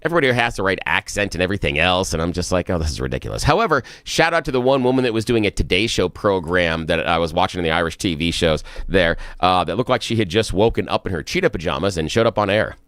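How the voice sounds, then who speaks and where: A man's voice: low voice, animated, fast, hardly any pauses, a bit bright, clear, resonant tone, dry recording, clean studio sound. A man co-hosting a talk radio show, telling a rambling, self-deprecating story in casual chat. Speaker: radio co-host.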